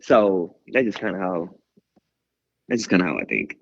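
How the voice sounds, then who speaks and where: A man's voice: low voice, moderate pace, vocal fry. A man, talking openly and energetically as a guest, ranting and hyping people up. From Houston, Texas. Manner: animated, rambling, hype-man energy. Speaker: guest musician. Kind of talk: candid interview talk. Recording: slightly dull lo-fi radio audio.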